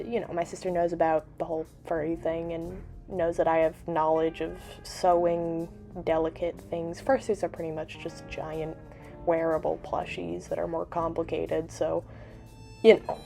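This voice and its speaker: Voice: mid-range voice, gravelly, a little mellow. A vlogger chatting casually at home while cleaning a toy, rambling and often breaking off to laugh.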